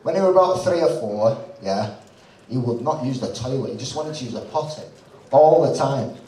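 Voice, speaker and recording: A man's voice: medium pitch, animated, moderate pace, warm tone. A man, a stand-up comedian telling a swearing, chatty story on a club stage, a bit drunk. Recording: roomy live club sound from a distance.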